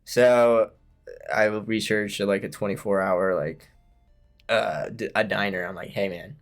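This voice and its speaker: A man's voice: on the low side, fairly even intonation, a little slow, gravelly, faint music behind. A man in his twenties telling a long story as a podcast guest, rambling and laughing along. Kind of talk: casual storytelling.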